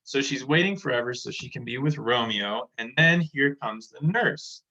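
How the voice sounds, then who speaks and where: Bright-voiced man explaining a lesson. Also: medium pitch, normal speed, dull audio. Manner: chatty, retells scenes in everyday words. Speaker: teacher. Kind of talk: casual classroom explanation.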